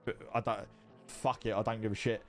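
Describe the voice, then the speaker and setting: A man's voice: fairly low pitch, level tone, brisk, soft background music. A man streaming from home, chatting casually with viewers in a rambling, sweary way that repeats itself. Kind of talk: casual livestream chat reading viewer messages.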